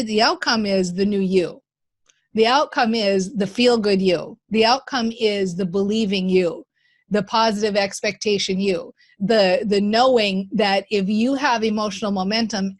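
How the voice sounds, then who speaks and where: A woman hosting a podcast, coaching her guest with enthusiasm and encouragement, often repeating key phrases. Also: mid-range voice. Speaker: podcast host and mindset coach. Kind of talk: coaching conversation.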